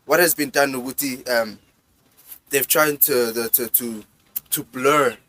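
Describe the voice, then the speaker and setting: A man's voice: medium pitch, measured pace, pushed and bright, dry recording. A man co-hosting a casual chat, talking with passion, switching between English and Zulu and often checking that he is understood. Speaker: podcast co-host.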